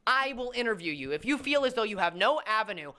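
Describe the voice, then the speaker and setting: A woman's voice: on the high side, sing-song, fast talker, pushed and bright. Lecturing woman in a call-out video. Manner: lecturing, confrontational. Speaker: video creator addressing another creator.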